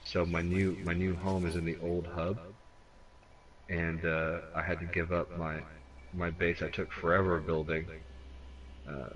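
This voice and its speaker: Low-voiced guy rambling about a game, swears a lot, sounds far off the mic with lots of noise behind. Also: a bit bright. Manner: rambling, profane, frequent restarts. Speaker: stream co-host. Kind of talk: casual gaming chat.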